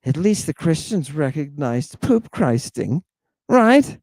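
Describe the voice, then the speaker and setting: A livestream lecturer with a swooping, animated voice that leans hard on each point and keeps asking the audience to follow along. The delivery is unhurried and deliberate, with blunt, provocative asides. It sounds close and dry, with no room around it. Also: medium pitch, no room sound. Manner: emphatic, with frequent rhetorical "right?" checks. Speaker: lecturer and host. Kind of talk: livestreamed lecture on ancient Greek.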